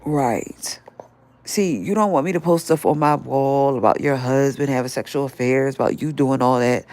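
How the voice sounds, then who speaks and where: A woman's voice: a bass voice, normal speed, a little mellow. An older woman hosting a live stream, scolding and confronting someone directly in a heated rant.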